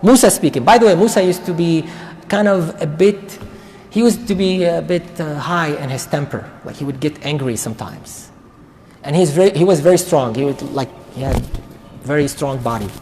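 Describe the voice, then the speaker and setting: A man teaching a Quran study circle, retelling a story in a casual, conversational way with quick asides. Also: on the high side, dark tone, a little hiss or hum. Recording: long reverb of a large hall.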